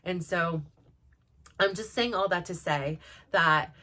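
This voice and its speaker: A woman hosting a personal vlog, telling stories in a chatty, animated way with lots of "like" and laughter. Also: lowish voice, slow pace. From Russian heritage. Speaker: vlog host. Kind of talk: casual personal storytelling.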